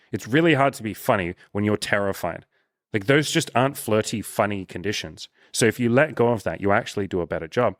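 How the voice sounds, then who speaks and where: A man with a lowish voice, talking in a loose, animated coaching chat. He swears freely and slips into acted bits of quoted dialogue. The sound is dry and close, with no room around it. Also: dry recording. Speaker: dating coach and host. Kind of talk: casual coaching interview.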